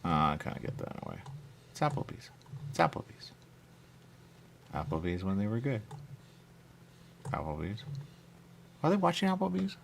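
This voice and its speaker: Gravelly low-voiced talk radio host. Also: male voice, wildly swooping pitch, brisk, pauses often, a little hiss or hum. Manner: chatty, keeps saying "okay?" and "there you go". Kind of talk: casual rambling talk.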